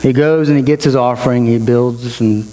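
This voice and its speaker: A man's voice: medium pitch, steady tone, normal speed, mellow. A male pastor preaching a sermon with emotion, his voice climbing as he builds to each point. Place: church. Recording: reverberant hall with mains hum.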